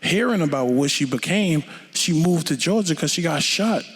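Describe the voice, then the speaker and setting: A man, a rapper telling his story onstage in a blunt, profane and animated way. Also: fairly high pitch, moderate pace, in a large hall, a little hiss or hum. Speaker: interview guest, rapper. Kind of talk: candid onstage conversation.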